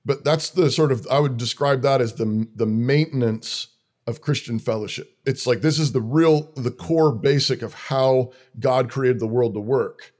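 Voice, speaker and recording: This is a man who leads a church, talking in a relaxed interview. He speaks earnestly and lays out plain daily rules in quick rhythmic lists. His voice sits in an ordinary middle pitch. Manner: earnest, rhythmic listing of practical commands. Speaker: church leader. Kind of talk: conversational interview talk.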